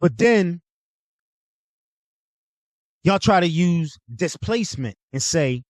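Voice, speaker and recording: A man's voice: sits high, lively intonation, slow, no room sound, studio quality. A young adult man hosting his own show, lecturing in a blunt, profane, casual way. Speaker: host. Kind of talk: casual monologue.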